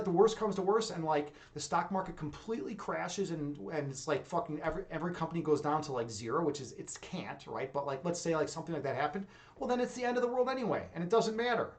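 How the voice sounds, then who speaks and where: Casual livestream host, young American man, high-energy and fast, profane, full of fillers and restarts. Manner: intense, rapid, rambling with many fillers and profanity. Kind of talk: casual livestream chat reading viewer comments.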